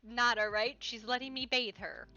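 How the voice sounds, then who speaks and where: A woman's voice: a little high, steady tone, moderate pace, sharp tone, lo-fi sound, soft background music. A woman playing in a live-streamed roleplay, teasing and giggly as she talks. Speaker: roleplay player.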